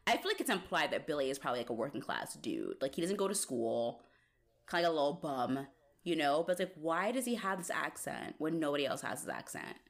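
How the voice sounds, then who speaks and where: Lively, joke-cracking woman co-host. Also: deep voice, creaky. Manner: animated, joking, quick asides. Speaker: podcast co-host. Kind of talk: casual chat.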